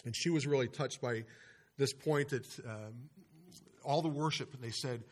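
A man preaching a sermon to his church, over a microphone, stressing single words hard and then dropping his voice, with frequent restarts. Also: medium pitch. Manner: preaching with emphatic stresses and pauses, many restarts. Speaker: pastor. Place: church sanctuary. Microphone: microphone over a speaker system.

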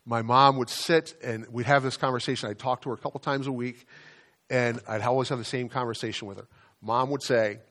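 A man preaching a sermon as pastor, in a conversational way, often repeating words and slowing down to stress key phrases. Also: medium pitch, fairly even intonation, a bit bright.

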